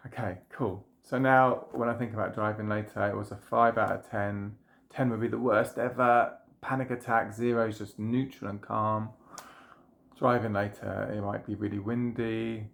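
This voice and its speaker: Gravelly man guiding a tapping exercise. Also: on the low side. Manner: gentle, repetitive guided phrases. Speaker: trauma healing practitioner. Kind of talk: guided tapping demonstration.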